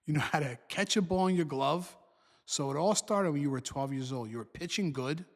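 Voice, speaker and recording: A man's voice: on the high side, brisk, long reverb tail. A middle-aged man with a New Jersey accent, a father and co-host teasing his son in casual chat, blunt and fond of saying "man". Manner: teasing, blunt storyteller, says "man" often.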